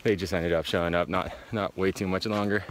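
A man talks to a handheld camera on a road-trip vlog, rambling and easily excited, dropping casual swears. His voice sits on the low side. Steady background noise runs clearly under the outdoor recording. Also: a little fast. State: out of breath while hiking. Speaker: van travel vlogger. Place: outdoors in a forest and in a van.

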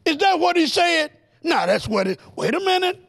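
A male preacher with a strikingly high, gravelly voice full of fry teaches a televised Bible lesson at normal speed. He drives his points hard and fires rhetorical questions at the audience. His delivery climbs to excited, nearly shouted peaks.

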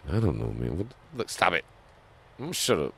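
A very deep, gravelly young man rambles through crude jokes on a casual podcast. He talks loosely and profanely. A faint hiss of noise sits behind him. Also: very animated, brisk, sharp tone. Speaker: podcast co-host.

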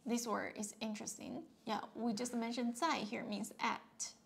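A woman with a Chinese accent teaching a beginner lesson, patiently repeating words and filling pauses with "yeah" and "okay". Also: a little high, fairly even intonation, creaky. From China.

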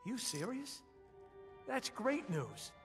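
A man's voice: very high voice, huge pitch swings, takes it slowly, fairly bright tone, exaggerated voice. An actor voicing a relieved, friendly male farmer in a video game, speaking plainly. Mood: pleased. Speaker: game character. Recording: game audio with music. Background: game music.

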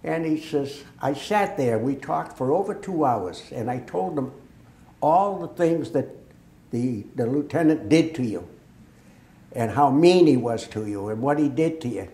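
With a mid-range voice and a slightly slow pace, an older man from Massachusetts shares war memories as an oral history interviewee. The veteran acts out quoted dialogue with lively flair, and the space around him echoes.

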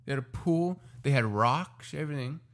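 Young man telling a lively story. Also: mid-range voice, normal speed. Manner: animated storyteller who acts out quoted lines. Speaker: podcast co-host. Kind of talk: casual podcast chat. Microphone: podcast microphone.

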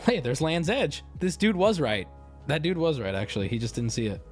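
Male streamer, casual and profane, very animated delivery over low background music. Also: brisk. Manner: animated, swearing, jumps between loud bursts and mumbling. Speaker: streamer opening card packs. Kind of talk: casual live-stream chat.

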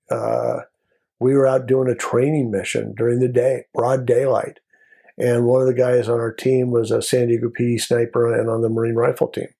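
An older man, a former border patrol agent, telling a story in an interview in a lively way and acting out the voices of the people in it. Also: medium pitch, creaky, breathy edge. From United States. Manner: animated storyteller, acts out quoted voices.

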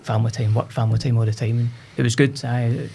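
A man's voice: medium pitch, little pitch movement, fast, gravelly, dark tone, a little hiss or hum. A Scottish man in his forties, a podcast guest telling stories about his past in a chatty, self-deprecating way. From Scotland. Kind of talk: casual podcast chat.

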